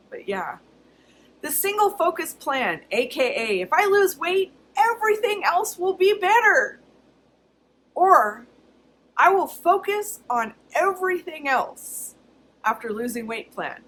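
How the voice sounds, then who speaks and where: A woman's voice: high-pitched, fairly bright tone, slight background noise, poor audio. A woman talking casually to her camera in a personal vlog, chatty and candid, often laughing. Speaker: vlogger.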